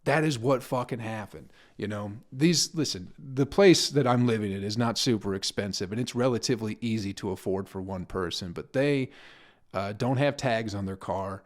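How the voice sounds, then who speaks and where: A man's voice: on the low side, moderate pace. A young adult man, a comedian hosting his own podcast, rambling casually, swearing freely and laughing at his own stories.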